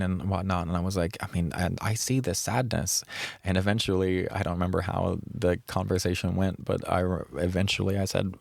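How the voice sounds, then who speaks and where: A man's voice: low voice, moderate pace, gravelly, dry recording. A man hosting a podcast, telling a personal story in an earnest, reflective way and drawing out key words. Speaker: podcast host.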